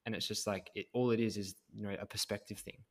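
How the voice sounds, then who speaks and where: A man's voice: fairly low pitch, level tone, quick pace. A man hosting a podcast, reflective and rambling, swearing casually as he talks. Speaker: podcast host, coach.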